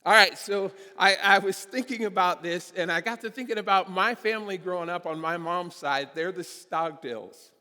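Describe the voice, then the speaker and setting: A man's voice: high voice, pushed and bright, in a large hall. A man preaching a sermon in a church, in a conversational, storytelling way with casual fillers. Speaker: guest preacher. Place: church sanctuary.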